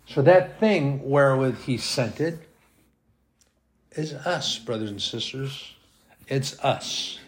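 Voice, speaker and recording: A man's voice: medium pitch, animated, slow, long pauses. A man preaching a sermon at home, reading scripture aloud and asking emphatic rhetorical questions. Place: at home with his dogs.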